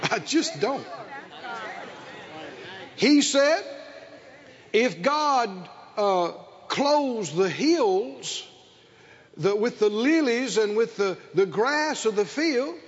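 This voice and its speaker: An older man preaching a sermon, calling for responses from the congregation and building to shouted emphasis on a dull lo-fi recording. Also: very high-pitched. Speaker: pastor.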